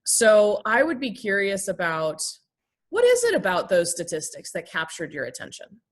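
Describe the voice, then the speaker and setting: A woman's voice: medium pitch, big pitch swings, normal speed. A woman minister and therapist, a guest in an interview, explaining things thoughtfully with frequent ums and restarts. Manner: acts out example dialogue in a lifted, gentle voice.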